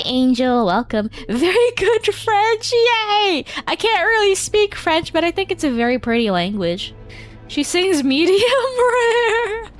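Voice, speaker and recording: A high-pitched young woman hosting a game stream. She chats with viewers in a playful, giggly way. Her talk stays casual and joking throughout. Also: fairly bright tone. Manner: playful, giggly, switches between languages. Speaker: VTuber streamer. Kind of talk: casual live-stream chat.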